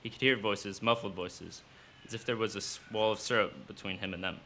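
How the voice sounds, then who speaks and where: A man reading his own fiction aloud at a live cafe event, in steady storytelling narration. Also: fairly low pitch, fairly quick, a little hiss or hum.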